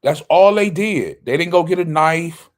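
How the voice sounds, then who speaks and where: A man's voice: on the high side, normal speed. A man teaching a Bible study. He reads verses aloud, then explains them, and often asks a question and answers it himself.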